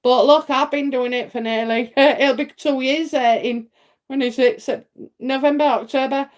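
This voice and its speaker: Middle-aged British woman, psychic live-streamer, slightly high voice, rambling and chatty, quick to laugh. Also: fairly even intonation. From United Kingdom. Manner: chatty and rambling, many fillers and tag questions; laughs often. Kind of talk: casual live-stream reading.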